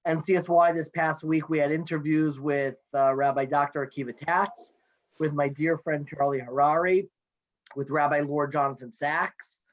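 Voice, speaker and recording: A man's voice: fairly high pitch, fairly even intonation. Man, 30s, playful chatty guest, video call from home office, dull lo-fi sound. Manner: chatty, playful, quick with jokes. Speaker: guest, NCSY education director. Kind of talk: casual interview chat.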